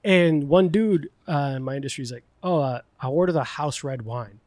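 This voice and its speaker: A man hosting a podcast, telling profane stories in casual chat and swinging into loud mock outrage. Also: a little high, moderate pace, no room sound. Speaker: podcast host. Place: distillery.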